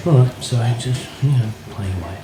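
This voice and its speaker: A man, a guitarist telling anecdotes in a relaxed, casual way with plenty of fillers. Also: medium pitch, normal speed, background noise. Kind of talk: casual interview storytelling. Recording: roomy echo, faint music.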